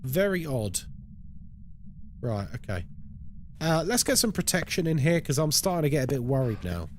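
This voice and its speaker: A man's voice: on the high side, very animated, moderate pace, slight background noise. A man giving live commentary on a horror game as a streamer, chatting with viewers and reacting aloud to what happens. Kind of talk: live gameplay commentary and chat.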